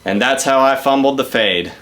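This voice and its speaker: A man's voice: medium pitch, moderate pace, fairly bright tone. A young man telling a rambling, profane story in a casual comedic way.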